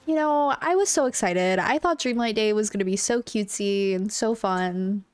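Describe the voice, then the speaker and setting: A woman's voice: mid-range voice, moderate pace, no room sound. A young woman streaming a video game, chatting casually and gushing, a little congested and sniffly, talking into her own mic. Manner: chatty, gushing, self-correcting. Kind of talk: casual gameplay commentary. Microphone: own desk mic.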